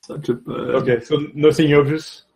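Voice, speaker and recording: A man with a gravelly voice talks on a developer meeting call. He asks things hesitantly, restarting his sentences, with a faint hiss behind him. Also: fairly high pitch, steady tone, brisk, darkish tone, rough recording. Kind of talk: casual meeting chat.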